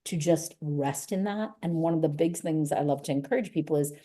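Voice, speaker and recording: A middle-aged woman with a low, mellow voice speaks as an interview guest. She sounds earnest and emphatic, gently urging listeners on. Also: a little fast. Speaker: guest, author and gym owner. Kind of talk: motivational interview talk.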